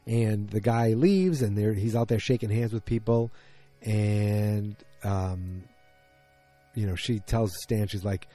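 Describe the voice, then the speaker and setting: A man's voice: on the low side, normal speed, mellow, faint music behind. A man from Massachusetts giving a rambling, casual recap of a TV episode, acting out characters' lines in little voices.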